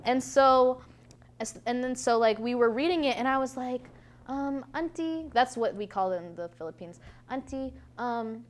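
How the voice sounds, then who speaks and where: A young woman co-hosting a podcast, telling a story in a casual, animated way and laughing often. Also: high-pitched, moderate pace. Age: young adult. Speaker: podcast co-host. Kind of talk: casual chat.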